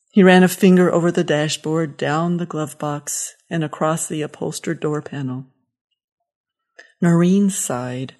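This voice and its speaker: Lady reading a short story, calm and measured, kinda low voice. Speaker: story reader.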